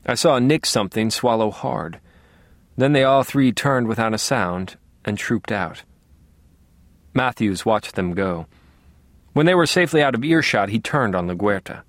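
A man's voice: fairly low pitch, dry recording. Wry man narrating an audiobook. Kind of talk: first-person scripted narration.

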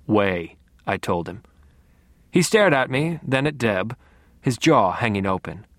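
A man reading a first-person story aloud with a dry, wry edge. His pitch moves a lot and the recording is close and dry, with no room sound. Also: big pitch swings, unhurried, a bit bright, dry recording. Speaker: narrator. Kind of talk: first-person audiobook narration.

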